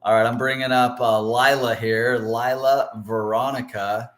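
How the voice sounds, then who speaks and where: A chatty male host keeps the talk light over a video call. He jokes easily and trips over his own words as he restarts sentences, at a medium pitch. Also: level tone, moderate pace, fairly bright tone. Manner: joking, chatty, stumbling restarts. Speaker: interview host. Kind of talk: casual interview chat.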